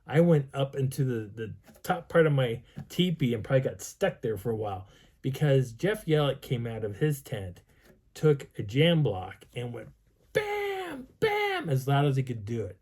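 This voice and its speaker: A man telling a personal outdoor story in an animated way, acting out sounds and voices. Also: mid-range voice, moderate pace, husky. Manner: lively, acts out sounds and dialogue. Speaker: vlogger telling a field story.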